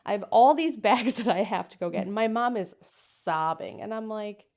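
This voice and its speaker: A woman's voice: medium pitch, moderate pace. A woman in her thirties from the United States, telling a personal story as an interview guest and acting out the people she quotes. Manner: lively storyteller, acts out quoted voices.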